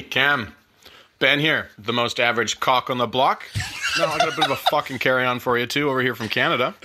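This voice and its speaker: A man's voice: fairly high pitch, pushed and bright. A man sending in a profane, ranting voice message to a podcast. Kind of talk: recorded voice message.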